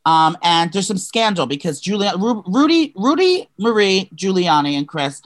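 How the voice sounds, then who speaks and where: A man's voice: sits high, big pitch swings, moderate pace. A young man co-hosting a podcast, chatting casually and gossiping in a rambling way full of fillers and restarts. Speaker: podcast co-host.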